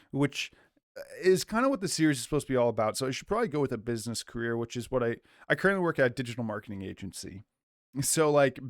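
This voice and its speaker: A man's voice: medium pitch, no room sound, clean studio sound. A young man giving rambling let's play commentary from a small home office, chatting to viewers and his dog. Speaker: gaming YouTuber.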